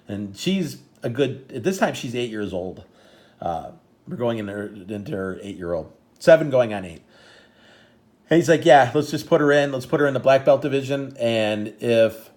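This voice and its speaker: A man's voice: on the low side, darkish tone. A middle-aged man, a father and karate coach, telling a long story in a rambling, emotional way, often restarting his sentences. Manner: rambling, full of restarts, gets choked up. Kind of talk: casual storytelling to camera.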